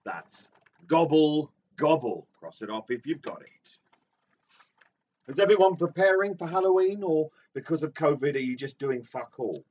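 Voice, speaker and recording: A playful man co-hosting a loose live stream, his pitch swinging widely as he jumps into sudden loud bursts. He sounds set back from the mic, and the sound is dull and lo-fi. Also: expressive, normal speed, distant mic. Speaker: co-host. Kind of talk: casual live-stream banter.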